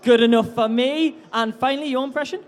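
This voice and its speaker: A man's voice: extremely high pitch, fairly quick. A man hosting a live convention stage game, teasing contestants with upbeat, jokey banter.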